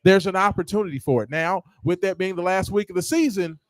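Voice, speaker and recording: A man talks sports in a lively, casual way. He tells stories with excitable energy. The sound is dry and close to the mic. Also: high-pitched, fast talker, dry recording. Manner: lively, excitable storyteller, animated impressions. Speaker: sports show host.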